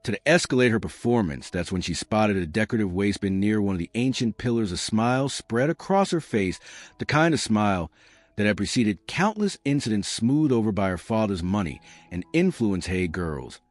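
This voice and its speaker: A man narrating a scripted story in a steady storytelling manner. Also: fairly low pitch, no room sound.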